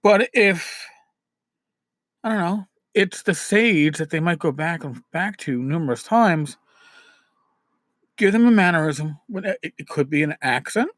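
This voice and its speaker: This podcast host is a New York City man with a fairly high, expressive voice, speaking a little slowly with long pauses. He gives casual advice in a chatty, repetitive way, restarting phrases and swinging between emphatic points and dropped-down asides. The recording is dry and studio quality.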